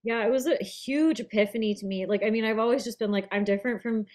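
Co-host, female, bright higher voice, blunt and animated, swears a lot. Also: fast. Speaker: podcast co-host. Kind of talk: casual chat.

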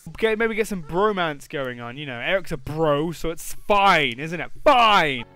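A young man commentating a life-sim game, teasing his characters and bursting into yells and swearing. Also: a little high, moderate pace, faint music behind. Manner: excitable, bursts into shouts, swears, teases the characters. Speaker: gaming YouTuber. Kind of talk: let's play commentary.

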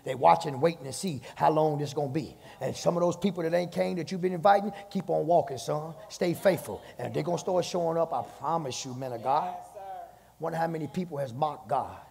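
A male pastor preaching a sermon, swinging from low talk to fervent shouted passages, recorded in a church. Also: fairly quick, gravelly. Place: church sanctuary with long reverb. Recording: hall reverb.

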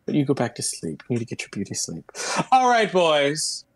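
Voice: wildly swooping pitch, brisk, dry recording. Tabletop player, bubbly in-character talk, dry close sound. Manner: bubbly, switches into a sweet high voice for the bear. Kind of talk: playing a tabletop game in character.

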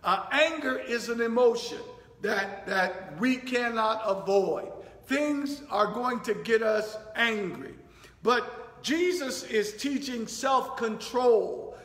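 A man's voice: very high voice, slow pace, a bit bright. A man preaching a sermon as pastor, teaching verse by verse with frequent fillers and asides of "thank you, Lord.". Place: church sanctuary. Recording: echoey church hall.

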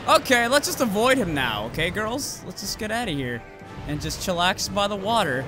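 A man giving casual gameplay commentary as a let's-play host, swearing freely and yelling insults at the monster he fights. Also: high-pitched, sing-song, normal speed. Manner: profane, yells insults at the monster. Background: game music.

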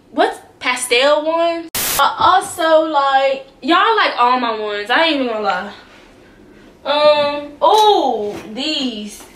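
High-voiced young woman vlogging casually. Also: echoey room, a little hiss or hum. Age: young adult. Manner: slangy, animated, profane, talks straight to viewers. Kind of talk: casual shoe collection vlog. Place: bedroom with shoes behind her.

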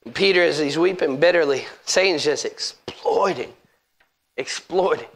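A pastor preaching a sermon in church, emphatic and asking the congregation direct questions. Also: male voice, on the high side, normal speed, creaky, a bit bright.

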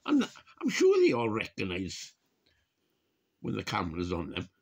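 A man's voice: fairly low pitch, wildly swooping pitch, normal speed, a little mellow. A man talking casually and wryly to his camera in a rambling vlog monologue. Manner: chatty, wry, given to chuckling asides. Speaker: vlogger.

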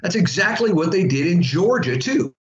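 A man's voice: high voice, lively intonation, normal speed. Chatty man lecturing in an echoey room. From Florida. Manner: chatty, digressive, with asides to students. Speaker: history instructor. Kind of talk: classroom lecture. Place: classroom. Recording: echoey room, dull lo-fi sound.

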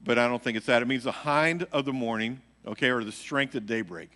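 Bright-voiced pastor in an echoing church. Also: male voice, mid-range voice, fairly quick. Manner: animated, acts out quotes, laughs at own story. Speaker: pastor teaching a midweek Bible study. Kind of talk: casual storytelling sermon. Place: church sanctuary. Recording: hall reverb, live church recording.

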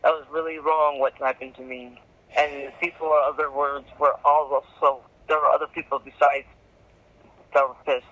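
A woman's voice: deep voice, little pitch movement, normal speed. A young woman on a phone call, rambling and scattered, swearing and apologizing as she talks. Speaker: caller.

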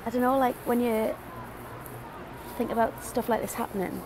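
A young woman vlogging to camera, excited and emotional, hesitant and full of fillers. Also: on the high side, normal speed, noisy background. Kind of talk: casual vlog talk to camera. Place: convention arena and outdoors nearby.

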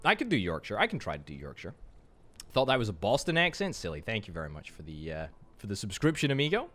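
Faint music sits behind a Scottish man whose fairly low voice swoops wildly in pitch and has a sharp edge. While gaming on stream, he chats away and answers viewer chat with quick quips.

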